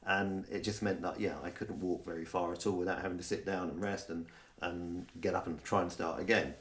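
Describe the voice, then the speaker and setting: A man's voice: low voice, steady tone, a little fast, fairly bright tone. A middle-aged man co-hosting a podcast in casual chat, with a dry, teasing manner. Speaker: podcast co-host. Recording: echoey room.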